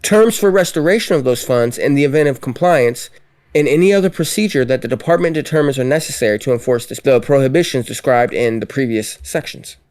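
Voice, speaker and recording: A man who works as a teacher, co-hosting a podcast in relaxed, halting casual chat. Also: medium pitch.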